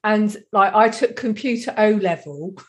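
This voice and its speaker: A woman's voice: mid-range voice, moderate pace. A woman in her fifties from England, chatting casually and rambling with restarts. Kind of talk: casual chat.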